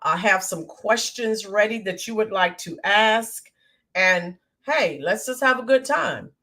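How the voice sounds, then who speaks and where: A woman from the United States hosts a relaxed livestream, her medium-pitched voice animated but a little slow. She says hello to viewers by name between lots of "ums," sounding somewhat hoarse after screaming the previous day.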